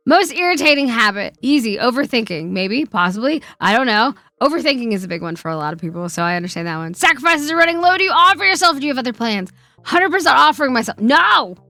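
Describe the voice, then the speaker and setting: Bright, chatty woman streamer. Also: sits high, lively intonation, fast, no room sound. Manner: chatty, laughs often, swears freely. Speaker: streamer host. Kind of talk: casual chat.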